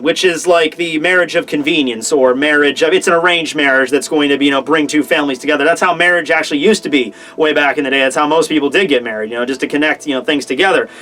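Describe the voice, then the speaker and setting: A young man casually reviewing a comic chapter, excitable and profane, acting out the characters' lines. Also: fairly high pitch, quick pace, few pauses. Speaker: manga reviewer.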